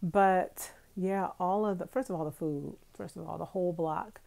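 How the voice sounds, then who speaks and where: Low gravelly woman chatting on a live stream. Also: normal speed, a little mellow. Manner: chatty, talks straight to viewers, laughs often. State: itchy nose from allergies. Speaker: vlogger hosting a live stream. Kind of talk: casual live stream chat. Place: bedroom at home.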